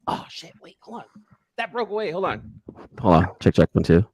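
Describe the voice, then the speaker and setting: A man's voice: fairly high pitch, huge pitch swings, brisk, darkish tone, husky, no room sound. A man hosting a casual studio chat, nervous and repeating himself as he rehearses a sultry show intro into his mic.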